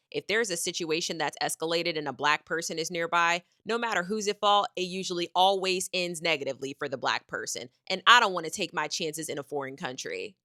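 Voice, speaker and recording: A woman's voice: fairly low pitch, sharp tone, no echo, studio quality. A young American woman vlogger telling a sassy, profane travel story. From United States. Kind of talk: storytime vlog.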